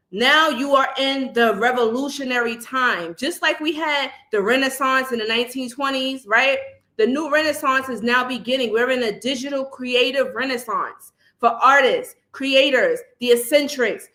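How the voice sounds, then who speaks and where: A woman's voice: a little high, sharp tone. A woman hosting a spiritual livestream, stuffy and nasal from a cold, preaching to her viewers in a rallying way and calling them family. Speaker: spiritual channel host. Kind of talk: livestream talk to viewers in chat.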